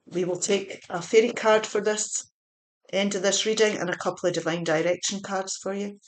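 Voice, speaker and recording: A woman's voice: mid-range voice, steady tone, moderate pace, slight background noise. Woman, tarot reader; earnest, repetitive, encouraging delivery with fillers. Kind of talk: spiritual tarot reading.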